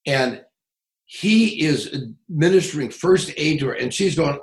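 A middle-aged man working as a police trainer, telling stories in an interview in a blunt, profane, animated way. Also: on the high side, unhurried, reverberant, low-quality recording. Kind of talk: casual interview storytelling.

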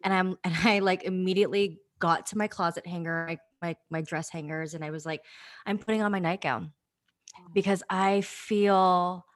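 A woman's voice: fairly low pitch, steady tone, normal speed, hardly any pauses, dry recording. A woman in casual podcast chat, telling a reflective, sensory story.

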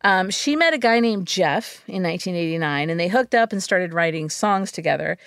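A woman's voice: lowish voice, animated, brisk, fairly bright tone, smooth, no room sound, clean studio sound. A woman hosting a podcast, telling a story casually with wry jokes and plenty of "um" and "like". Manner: wry, jokey, with fillers like "um" and "like".

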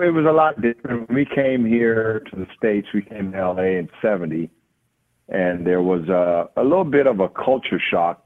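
Jamaican-accented man on a tinny phone line. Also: low voice. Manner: relaxed storytelling with many fillers. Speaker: guest. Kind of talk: casual interview.

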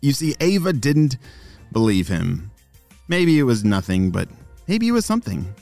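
Expressive male storyteller for kids, chatty, dry close mic, faint music underneath. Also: medium pitch, moderate pace, gravelly, dry recording. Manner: lively and chatty, talks directly to young listeners. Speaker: storyteller and host of kids' podcast. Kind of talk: children's story narration.

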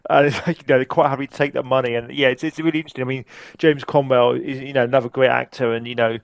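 A man's voice: medium pitch, steady tone, very fast, creaky, dry recording. A man hosting a casual podcast chat about a television drama, agreeing often and talking with many fillers. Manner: chatty, agreeing, filler-heavy. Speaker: podcast host.

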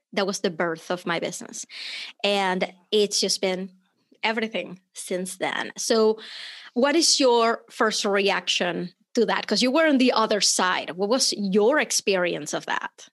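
A woman hosting a podcast interview, telling stories with animation and acting out the lines she quotes. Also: mid-range voice. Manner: animated storyteller who acts out quoted lines. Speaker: podcast host. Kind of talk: casual interview chat.

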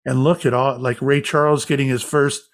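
Man telling a lively story. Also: mid-range voice, normal speed. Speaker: interview guest, spiritual medium. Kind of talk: storytelling in an interview.

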